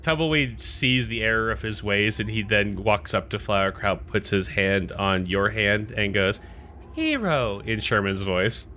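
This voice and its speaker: A man's voice: lowish voice, fairly even intonation, normal speed, hardly any pauses, sharp tone, a little hiss or hum. A man narrating as game master of a tabletop role-play, describing the characters' actions.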